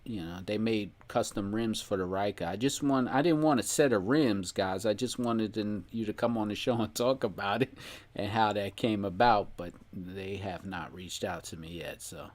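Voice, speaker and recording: A man hosting a podcast in relaxed casual chat, rambling and laughing often. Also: lowish voice, normal speed. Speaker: podcast host.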